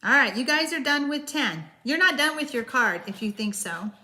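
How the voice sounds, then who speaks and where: A woman's voice: high voice, lively intonation, moderate pace, bright, forceful tone. A woman hosting a live-streamed card-making class, chatting loosely with viewers and answering their comments, with frequent hesitations.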